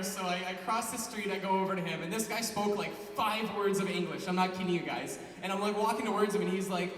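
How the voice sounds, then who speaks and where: A man's voice: high-pitched, a little fast. A young man from Edmonton, telling chatty stand-up stories to a large convention crowd. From Canada, Edmonton. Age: young adult. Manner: chatty, animated storytelling with frequent "like"s. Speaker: stand-up comedian. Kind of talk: stand-up comedy set. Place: large convention hall stage before a big crowd. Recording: echoey hall recorded from far off with crowd noise.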